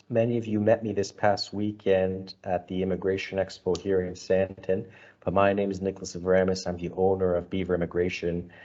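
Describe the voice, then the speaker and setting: A man's voice: deep voice, a little mellow. A man hosting a webinar as an immigration consultant, hesitant with fillers. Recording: dull lo-fi audio.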